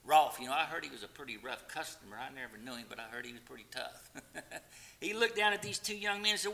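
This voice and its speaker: Bright-voiced impassioned man preaching. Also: medium pitch, animated, fast talker, vocal fry. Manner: impassioned, swings from loud pleading to quiet, sometimes sings hymn lines. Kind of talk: sermon.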